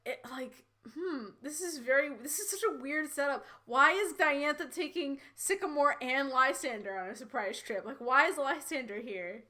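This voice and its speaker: A woman's voice: high voice, moderate pace, hardly any pauses, sharp tone. A young woman co-hosting a comedic fanfic reading, giggly and sarcastic, rambling with frequent restarts. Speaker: podcast co-host.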